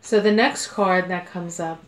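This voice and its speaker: A woman's voice: lowish voice, fairly even intonation, measured pace. Chatty woman reading cards in an echoey room. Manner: chatty, meandering, with frequent fillers and laughs. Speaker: card reader. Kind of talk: casual tarot-style card reading. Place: home room.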